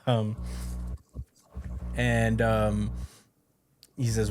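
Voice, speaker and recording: A man's voice: on the low side, flat delivery, extremely slow, pauses often. A man hosting a podcast, casually recapping a manga chapter in a loose, profane way and chuckling as he goes. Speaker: podcast host.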